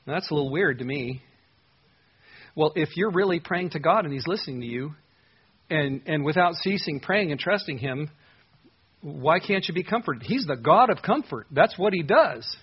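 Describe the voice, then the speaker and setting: A man pastor teaching an expository sermon in a conversational way, with frequent filler words and animated emphasis. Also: fairly high pitch, normal speed, breathy edge, lo-fi sound.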